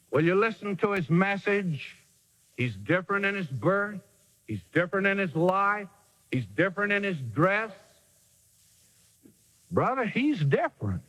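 A man's voice: fairly high pitch, fairly bright tone, in a large hall, rough recording. A man preacher delivering a sermon in an emphatic, dramatic way with sudden swings in delivery.

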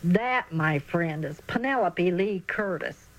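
A woman voicing an excited young boy baseball player in a storybook reading. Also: on the low side, slow, low-quality recording. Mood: mock-pompous. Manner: lively, excited. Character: eager young boy, first baseman.

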